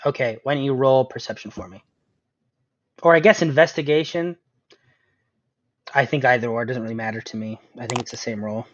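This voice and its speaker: A man's voice: medium pitch, fairly quick, pauses often, dry recording. Game master, male, chatty with ums, dull lo-fi recording. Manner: chatty, laughs often, fills with um. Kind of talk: narrating a tabletop game. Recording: dull lo-fi sound, dry room.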